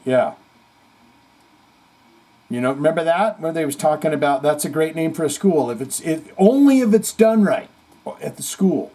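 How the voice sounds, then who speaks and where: A man's voice: on the high side, darkish tone. A man hosting a casual heavy metal chat stream, reading viewer comments aloud with jokey asides. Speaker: host.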